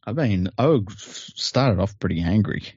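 A man with an Australian accent co-hosting a podcast, talking sport in a laid-back, halting way. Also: lowish voice, animated, darkish tone, slightly rough, no echo, dull audio. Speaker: podcast co-host. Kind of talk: casual sports chat.

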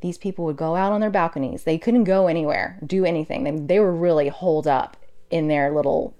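A woman's voice: low voice, brisk. A woman nurse, a podcast guest, telling her story in casual conversation with lots of fillers and feeling. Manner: animated, emotional storyteller with many fillers.

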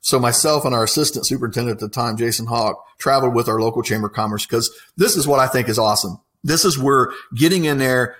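A man's voice: medium pitch, fast talker, hardly any pauses, fairly bright tone. A man, an apprenticeship coordinator telling stories in a casual, enthusiastic interview, rambling with many fillers.

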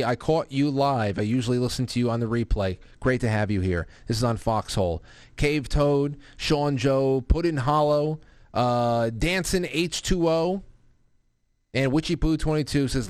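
A man in his thirties chats his way through viewer messages on a live show, animated and informal. His voice sits in an ordinary middle pitch. The close mic leaves it dry, with no room sound. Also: no room sound. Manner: animated, puts on a high child's voice when quoting his daughter. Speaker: podcast host reading viewer comments. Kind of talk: casual live-stream chat.

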